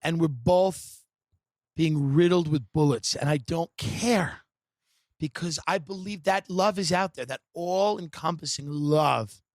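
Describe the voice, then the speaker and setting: A man hosting a podcast, riffing in a sarcastic, deadpan comedic monologue full of dark satire and sudden mimicked voices. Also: on the high side, unhurried, dry recording. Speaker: podcast host.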